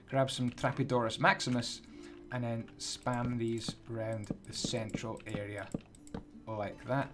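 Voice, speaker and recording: A man's voice: mid-range voice, background noise. A man giving casual, playful commentary as he builds in a video game, counting blocks aloud as he goes. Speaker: Minecraft builder and tutorial host. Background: background music.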